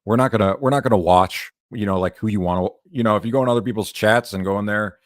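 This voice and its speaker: Low-voiced man hosting a livestream. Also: fast talker, no room sound, studio quality. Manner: loose, laughing, swears freely. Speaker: streamer host. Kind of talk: casual livestream chat.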